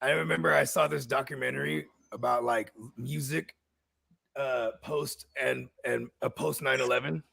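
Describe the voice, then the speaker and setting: A man's voice: medium pitch, moderate pace, creaky, fairly bright tone, husky, no room sound, studio quality. A man co-hosting a podcast, talking in a loose, profane, slangy way. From California. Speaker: podcast co-host. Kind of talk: casual chat.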